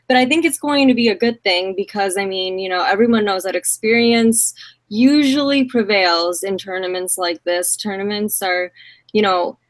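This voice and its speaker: A woman's voice: mid-range voice, no room sound. A woman co-hosting a sports podcast, talking in a chatty way with frequent "like" and "um". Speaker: podcast co-host. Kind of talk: casual sports podcast talk.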